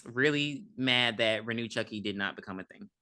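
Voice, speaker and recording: A podcast co-host recapping a horror movie in casual chat, animated and swearing freely. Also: mid-range voice, normal speed, clean tone.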